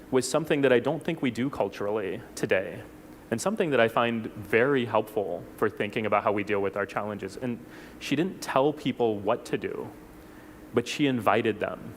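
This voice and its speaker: A man from South Texas giving a reflective personal talk at a church forum, unhurried, with small restarts. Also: medium pitch, a little hiss or hum. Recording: long hall reverb.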